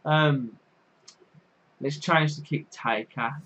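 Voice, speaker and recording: A young man with a Birmingham accent giving excitable, casual commentary on his football game, shouting and laughing when goals go in. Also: fairly high pitch, takes it slowly, dull audio. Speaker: gaming YouTuber.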